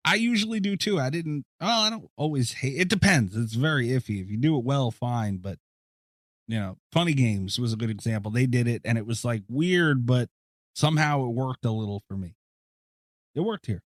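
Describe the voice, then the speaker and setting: A man co-hosting a horror movie podcast in casual chat, animated and swearing freely. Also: mid-range voice, moderate pace, no echo, clean studio sound. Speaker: podcast co-host.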